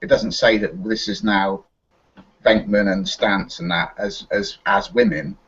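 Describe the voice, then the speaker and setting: A man with a low voice explains his view calmly in a casual group discussion. The recording has a dull, lo-fi quality. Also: a little slow, gravelly, a little hiss or hum. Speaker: panelist.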